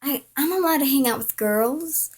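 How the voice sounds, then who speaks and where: A woman's voice: high-pitched, normal speed, a little mellow, voice pushed up, natural voice. Evasive teen boyfriend, casual and dismissive, quoted by a woman. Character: smooth-talking teenage boyfriend, evasive.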